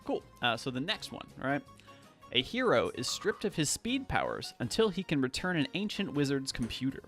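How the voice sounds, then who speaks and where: A man's voice: mid-range voice, very animated, a bit bright, faint music behind. A man co-hosting a podcast, casually reading out quiz questions and laughing often. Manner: laughs often, quick and chatty. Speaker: podcast co-host running a quiz. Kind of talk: casual chat.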